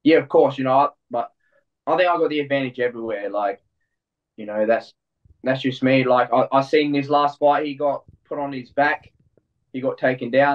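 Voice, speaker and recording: Young aussie fighter, laid back, kinda halting, muffled and far from the mic. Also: male voice, mid-range voice. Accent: Australian. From Australia. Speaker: fighter, guest. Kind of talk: casual interview.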